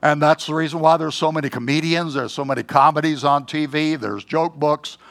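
An older man preaching a sermon in a folksy, joking way, often clearing his throat. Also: fairly high pitch, fairly even intonation, fairly quick, a bit bright.

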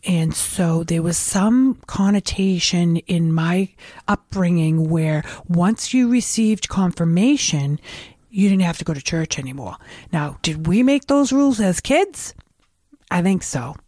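A woman's voice: fairly low pitch, mellow, dry recording, clean studio sound. A middle-aged woman with a New England accent telling candid, rambling stories in a casual conversation. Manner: rambling, candid storytelling with restarts.

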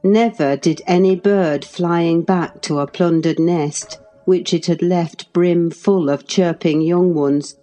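A woman narrating a classic novel in a measured, expressive storytelling voice. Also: on the low side. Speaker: audiobook narrator.

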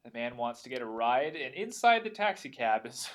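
A man co-hosts a podcast in relaxed, casual conversation. He recaps a TV episode scene by scene in an easygoing way, with a medium-pitched voice. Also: normal speed. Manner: laid-back, recapping with chuckles. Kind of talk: casual chat.

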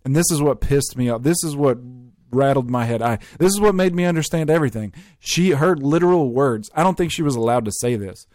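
A man's voice: mid-range voice, animated, a little fast, darkish tone, no echo, clean studio sound. A man hosting a podcast in casual chat, telling stories animatedly and swearing freely. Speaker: podcast host.

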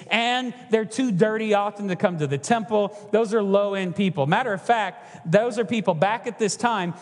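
A man from Texas preaching a sermon in a conversational way, often checking in with the congregation with "right?". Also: high voice. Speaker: pastor. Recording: long hall reverb.

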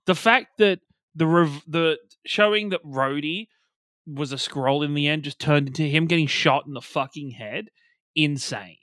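A man's voice: on the high side, a little slow, a bit bright, dry recording. A man co-hosting a casual podcast, ranting with constant swearing and exasperation. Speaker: podcast co-host. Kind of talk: casual podcast review chat.

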